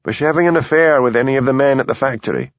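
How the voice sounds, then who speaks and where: A man voicing a calm, stubborn police sergeant with a Scottish Highland accent who questions people quietly and persistently. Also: rapid-fire, no echo, muffled recording, close to an everyday voice. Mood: questioning.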